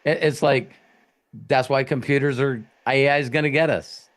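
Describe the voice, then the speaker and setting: A man coaching in a live Q&A, telling stories in a blunt, profane, animated way. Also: mid-range voice, normal speed.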